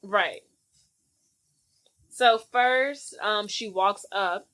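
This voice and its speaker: Woman podcast co-host, casual chat, slangy, animated retelling, medium pitch. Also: very slow. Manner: animated storytelling with acted-out quotes. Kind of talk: casual movie recap chat.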